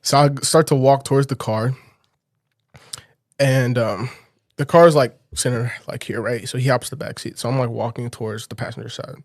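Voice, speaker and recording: A man recounts a personal story in a relaxed podcast conversation. His voice sits in a middle register. It is recorded close and dry, with almost no room sound, and he laughs often as he talks. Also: mid-range voice, normal speed, no room sound. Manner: animated, laughs often while telling a story. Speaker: podcast guest. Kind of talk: casual storytelling.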